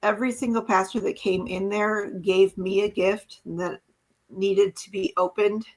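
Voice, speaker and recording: A woman's voice: medium pitch, steady tone, a little slow, poor audio. A woman guest on a podcast, sharing an earnest, emotional personal testimony and acting out quoted dialogue as she tells it. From small town.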